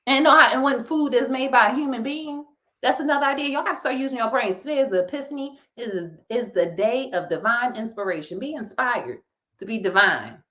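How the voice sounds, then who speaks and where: A woman with a Philadelphia accent, co-hosting a casual talk show and ranting in an animated, preachy way with frequent laughter. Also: on the high side, a little fast. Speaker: podcast co-host.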